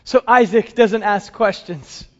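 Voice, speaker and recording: A male pastor delivers a sermon as a dramatic story, often falling into hushed tones. His voice sits high, and the recording has a dull, lo-fi sound. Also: slow.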